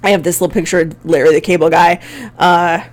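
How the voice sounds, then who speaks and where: A woman's voice: on the low side, little pitch movement, quick pace. A woman from Buffalo with a Western New York accent, giving a conversational recorded college lecture on a play, with frequent fillers. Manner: conversational, many fillers, reads examples aloud. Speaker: college English teacher.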